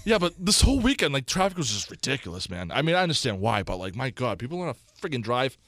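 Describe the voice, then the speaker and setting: A young man, co-hosting a podcast and telling stories in a lively way, acting out what he said. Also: mid-range voice, fast talker, no echo, studio quality. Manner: animated storytelling, acts out his own quotes. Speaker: podcast co-host. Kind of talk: casual chat.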